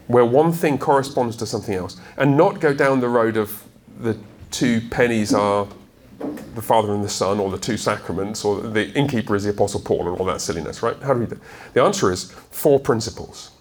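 A man preaching a sermon to his congregation, emphatic and animated, often checking in with rhetorical questions. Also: medium pitch. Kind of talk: sermon teaching. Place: church.

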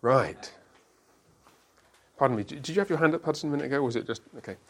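A man's voice: medium pitch, lively intonation, fast, a bit bright. Man, Bible study leader, group discussion, asks questions, explains patiently with examples.

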